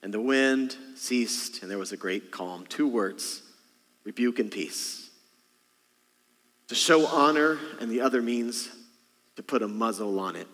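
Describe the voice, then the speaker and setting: A man's voice: medium pitch, unhurried, long pauses, a bit bright. A man preaching a sermon as pastor, talking conversationally to the congregation with rhetorical questions and jokes. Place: church sanctuary. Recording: long reverb of a large hall.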